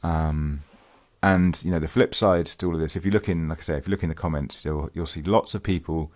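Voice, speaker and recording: A man's voice: very deep voice, steady tone, fairly quick, a little mellow. A man hosting his own vlog, talking through a true-crime case in a casual, hesitant way with many ums and restarts, sometimes reading from a news article. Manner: reads news excerpts aloud. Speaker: vlogger, channel host.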